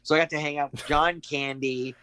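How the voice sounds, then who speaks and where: A middle-aged man, a guest actor, telling animated stories in a casual chat and acting out the voices of the people he quotes. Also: fairly high pitch, fairly quick, clear, resonant tone, rough recording. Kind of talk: casual anecdotal storytelling.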